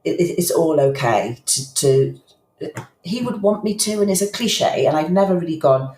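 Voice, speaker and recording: A woman's voice: on the low side, expressive, normal speed, darkish tone. A middle-aged woman, a podcast guest, telling personal stories in a candid, reflective way and often restarting her sentences. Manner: emotional, reflective, with frequent restarts. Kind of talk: candid conversational storytelling. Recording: roomy echo.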